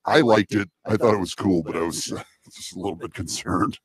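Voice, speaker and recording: A man's voice: deep voice, a little fast, husky, no room sound, rough recording. A man hosting a podcast, chatting casually and laughing often. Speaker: podcast host. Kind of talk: casual chat, joking.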